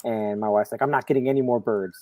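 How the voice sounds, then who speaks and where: A man's voice: medium pitch, quick pace, slight background noise, rough recording. Man telling a story on a video call. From Florida, USA. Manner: storytelling, animated, quotes others. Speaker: panelist on a comics talk show. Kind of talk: casual chat.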